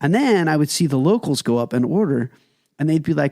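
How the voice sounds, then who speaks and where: A man's voice: on the high side, expressive, brisk, warm tone, no room sound, clean studio sound. A man co-hosting a food podcast, telling stories with emphatic enthusiasm. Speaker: podcast co-host. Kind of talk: casual food podcast chat.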